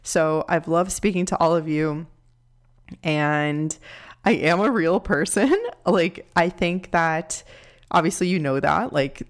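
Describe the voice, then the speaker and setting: Low-voiced woman, earnest podcast host. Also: fairly even intonation, a little slow, clear, resonant tone. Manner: earnest, heartfelt, encouraging. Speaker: podcast host and nutrition coach. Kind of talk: solo podcast monologue.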